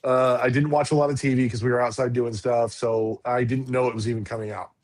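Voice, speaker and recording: A man's voice: medium pitch, flat delivery, quick pace, a little mellow. A man in his forties on a podcast, telling a story in a casual, rambling way with lots of restarts and fillers. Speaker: podcast co-host.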